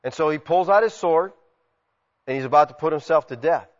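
A man preaching a sermon, animated, acting out quotes and swinging from loud shouts to quiet asides. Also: a little high, a little fast. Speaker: pastor. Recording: muffled sound with long hall reverb.

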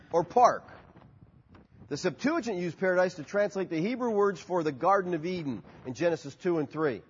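A man preaching a sermon as pastor, rising and falling sharply and putting questions to the congregation. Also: husky. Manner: animated preaching with sharp rises and drops in pitch. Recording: muffled hall recording with long reverb.

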